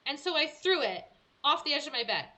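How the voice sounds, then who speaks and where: A young woman streamer telling a story in casual chat, animated and acting out her own quotes. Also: high-pitched, fairly quick.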